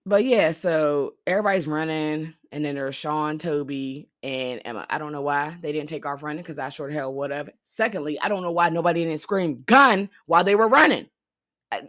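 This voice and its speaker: Young woman, deep voice, casual vlog storytelling, animated, swears a lot. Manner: animated, profane, quotes characters in paraphrase. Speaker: vlogger recapping a TV episode.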